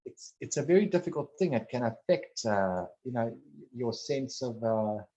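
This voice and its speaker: A man talking casually one on one, rambling and halting, restarting his sentences and swearing bluntly now and then. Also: medium pitch, expressive, warm tone, highs cut off.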